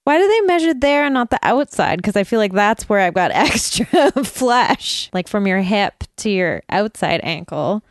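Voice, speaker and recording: A woman's voice: mid-range voice, very animated, normal speed, hardly any pauses, no echo, clean studio sound. A woman co-hosting a comedy podcast, rambling in a silly, giggly way during a casual chat. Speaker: podcast co-host.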